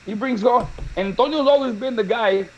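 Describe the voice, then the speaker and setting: Male co-host, high voice, lively laughing storyteller, slightly muffled studio sound. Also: fairly quick, slight background noise. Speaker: show co-host. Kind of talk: casual storytelling chat.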